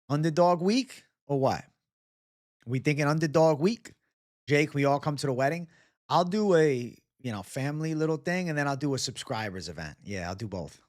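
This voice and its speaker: A young man hosting a livestream, chatting casually with viewers and telling rambling, profane stories. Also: medium pitch. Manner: profane, rambling storyteller, talks to chat. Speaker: livestream host.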